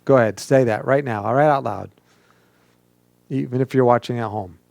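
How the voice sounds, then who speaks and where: Male pastor, gravelly tone, dry close sound; leads an interactive sermon and has listeners respond aloud. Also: medium pitch, moderate pace, darkish tone, no room sound. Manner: coaches the audience to speak aloud and mimics whiny questions.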